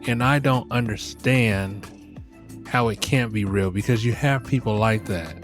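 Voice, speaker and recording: Over music, a middle-aged man hosts a podcast in an unhurried, lowish voice, delivering a casual comic monologue. He's animated and profane, laughing often and addressing his listeners directly as y'all.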